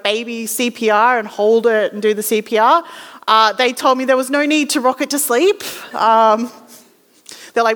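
Young Aussie woman preacher, somewhat high voice, chatty storytelling sermon, reverberant hall sound. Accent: Australian. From Western Australia. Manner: chatty, self-deprecating, animated quoting. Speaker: ministry student preaching.

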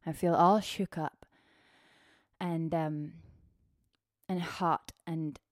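A woman's voice: sits low, fairly even intonation, very slow, no echo, studio quality. A woman hosting her own podcast, talking freely and chattily with lots of fillers, a little out of breath. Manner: chatty, warm-hearted, free-flowing with fillers. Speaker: podcast host. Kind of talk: casual solo podcast talk.

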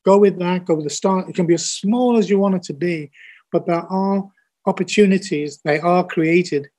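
A man's voice: high-pitched, moderate pace, a little mellow. An older man with a Scouse accent, a TV producer speaking as a podcast guest in a blunt, earnest, folksy way. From Liverpool, England. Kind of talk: podcast interview.

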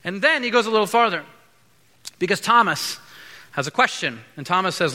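A man preaching a sermon as pastor, conversational, acting out quick asides between points. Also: sits high, lively intonation, bright, forceful tone. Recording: long hall reverb.

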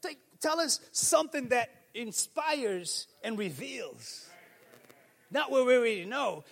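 A man preaching a sermon as pastor, moving between quiet reflection and fervent shouted declarations. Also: extremely high pitch, big pitch swings, slow, vocal fry, big-room sound. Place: church sanctuary.

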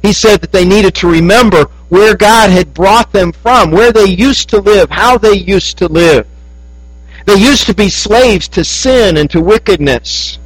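A man with a fairly high voice preaches a sermon and tells his story in rises and hushed drops. The sound is dry and close, with a faint electrical hum behind him. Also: measured pace, husky, dry recording, poor audio.

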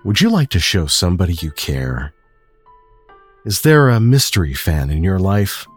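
Man narrating in a low, husky voice. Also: faint music behind. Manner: measured, steady reading. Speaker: narrator and host of a story show. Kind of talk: calm audiobook story narration.

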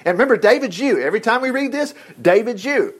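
A man's voice: extremely high pitch, lively intonation, fast. A man teaching a Bible lesson in a casual, folksy way, full of asides and rhetorical questions.

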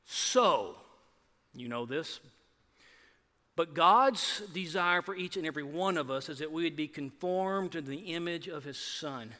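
A man preaching a sermon as pastor, animated, acting out voices with rising emphasis. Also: fairly high pitch, unhurried. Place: church sanctuary. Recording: long hall reverb.

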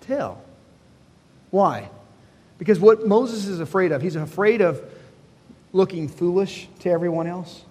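A man preaching a sermon with a fairly high, husky voice, which rings out in a reverberant hall. He talks in a conversational way, putting questions to the congregation and acting out bits of dialogue from the story. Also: lively intonation, unhurried, pauses often, darkish tone. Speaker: pastor. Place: church hall before a congregation.

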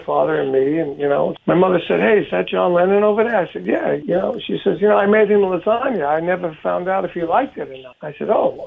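A man's voice: a little high, vocal fry. Man telling a story over a tinny phone line. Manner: chatty storyteller, animated quoting. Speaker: guest drummer telling a story. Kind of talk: archival radio interview anecdote.

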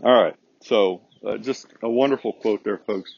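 Husky earnest man podcasting. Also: on the low side, normal speed, a little mellow, no room sound, muffled recording. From United States. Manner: preachy, earnest, addresses listeners as folks. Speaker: podcast host. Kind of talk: conservative opinion podcast monologue.

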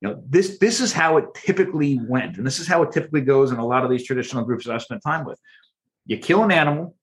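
A man's voice: mid-range voice, expressive, quick pace. A man being interviewed as a guest author, explaining with energy and frequent restarts. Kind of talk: podcast interview.

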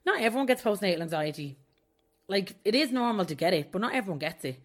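A woman's voice: mid-range voice, animated, quick pace. A young adult woman hosting her own podcast, talking candidly and confessionally in a casual way and often laughing mid-sentence. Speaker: podcast host. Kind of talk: casual solo podcast talk.

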